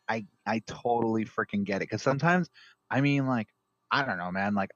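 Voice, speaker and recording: A man's voice: fairly low pitch, a little fast. A man co-hosting a podcast in casual banter, rambling with lots of filler words and swearing. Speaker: podcast co-host. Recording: dull lo-fi dry sound.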